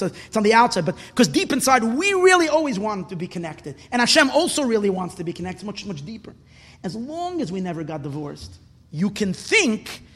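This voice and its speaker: A man giving an impassioned sermon as a religious teacher, repeating words for emphasis and swelling toward shouts. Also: sits high. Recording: long reverb in a hall.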